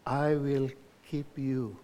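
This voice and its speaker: A man's voice: medium pitch, steady tone, takes it slowly, a little hiss or hum. Earnest man preaching a sermon. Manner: earnest exhortation with emphatic rises and soft drops.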